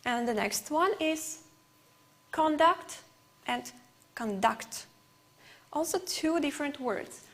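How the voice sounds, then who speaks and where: A woman teaching an English lesson on television, a non-native speaker whose first language is Uzbek, who explains slowly with repeated examples and fillers. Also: high-pitched, expressive.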